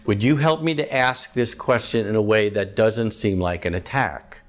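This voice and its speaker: A man's voice: fairly low pitch, moderate pace. A man teaching a live group about evangelism as a campus minister, chatty, asking the audience questions, with frequent ums.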